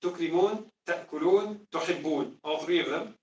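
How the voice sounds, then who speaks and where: A man's voice: a little high, rapid-fire, a little mellow, muffled recording. Man teaching in an echoey classroom. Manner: emphatic, quizzes students. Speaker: Quran teacher. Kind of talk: classroom lesson. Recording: echoey room, distant mic.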